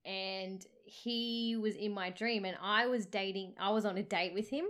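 Co-host: Aussie woman, late 20s, unhurried, teasing, giggles. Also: medium pitch, fairly even intonation, fairly bright tone. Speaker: podcast co-host. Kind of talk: casual chat.

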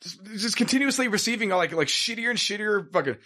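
A man with a somewhat raised voice rants in a loose, animated conversation. He swears freely, piles up "dude" and "like", and jumps from one thought to the next. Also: sits high, fast talker. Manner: profane, rambling and animated, heavy on "dude" and "like". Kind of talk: casual chat.

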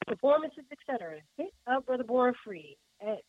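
A man joining the show, chatting enthusiastically and giving shout-outs. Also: extremely high pitch, very animated, brisk, heavy background noise. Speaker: co-host judge. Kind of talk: casual chat. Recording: tinny phone-like line.

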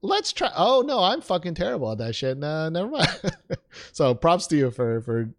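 A man's voice: fairly high pitch, very animated, moderate pace. A young man co-hosting a podcast in casual chat, self-deprecating and joking, with many fillers. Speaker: podcast co-host.

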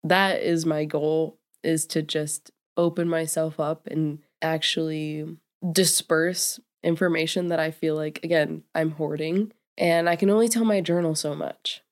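A woman's voice: low voice, steady tone, a little slow. A young woman hosting her own podcast alone at home, sounding congested and nasal from a cold, rambling candidly with fillers and laughs. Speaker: podcast host. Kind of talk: casual solo podcast monologue.

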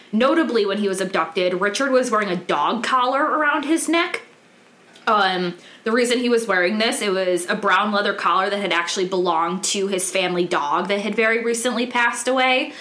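A woman's voice: mid-range voice, pushed and bright. A woman hosting a true crime podcast, telling the case in a candid, casual way with many ums. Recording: roomy echoey room.

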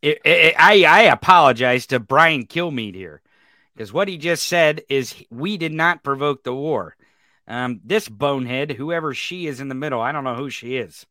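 A man's voice: mid-range voice, moderate pace, bright, forceful tone, dry recording, clean studio sound. A man giving an angry, profane reaction commentary on a news clip. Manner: angry, ranting, heavy swearing. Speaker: political commentary streamer.

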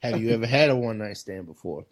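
Lively, laughing male podcast host. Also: lowish voice, fast. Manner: laughs often, exclaims and repeats himself. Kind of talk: casual chat, asking questions.

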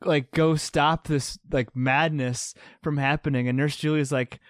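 A man's voice: a little high, fairly even intonation, measured pace, no room sound, studio quality. A man co-hosting a casual podcast about a movie, laughing often as he talks. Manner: laughs often while talking. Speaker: podcast co-host.

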